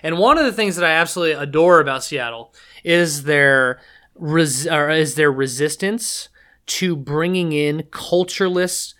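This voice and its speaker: A man's voice: a little high, normal speed, sharp tone, smooth. A man chatting as a podcast guest, rambling and emphatic, with lots of fillers and restarts. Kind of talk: casual chat.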